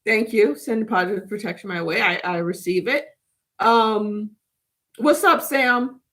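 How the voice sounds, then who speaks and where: A woman's voice: mid-range voice, measured pace, fairly bright tone. A woman hosting a casual spiritual livestream, rambling and chatty as she reads and answers viewers' live comments from home.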